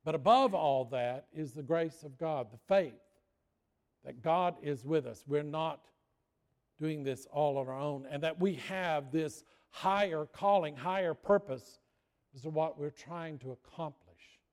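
Folksy pastor, slightly high voice. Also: male voice, a little slow. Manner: folksy, jokes with the congregation. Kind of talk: sermon with storytelling.

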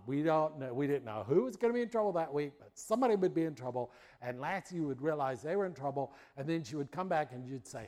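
A middle-aged American man preaches a sermon, telling a childhood story in a folksy way and acting out voices and barks. His voice is a little high and darkish in tone, expressive, and fast, with few pauses.

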